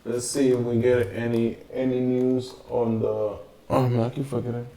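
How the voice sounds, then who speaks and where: Male live-stream host, rambling, jokey, mid pitch, roomy echo, set back from the mic. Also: little pitch movement, moderate pace, dark tone, far from the mic. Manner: rambling, jokey, talks to viewers and a partner off mic. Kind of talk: casual live stream commentary.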